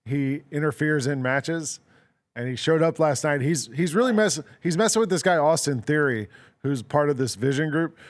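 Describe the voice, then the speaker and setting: A man co-hosts a casual sports radio show, telling stories as an amused, rambling storyteller full of "like" and "um" fillers. His voice is fairly high and moves at a moderate pace.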